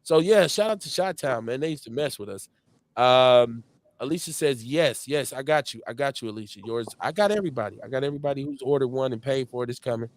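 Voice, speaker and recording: A man in his forties from Milwaukee with a Milwaukee accent, hosting a live show in casual, slangy chat full of shout-outs and stories. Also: mid-range voice, fast talker, no room sound. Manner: animated storytelling, slangy, lots of shout-outs. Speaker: host.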